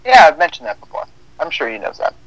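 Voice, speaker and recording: Animated young man acting out stories. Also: fairly high pitch, quick pace, no room sound, poor audio. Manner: animated storyteller acting out quoted dialogue. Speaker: podcast co-host. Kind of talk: casual chat.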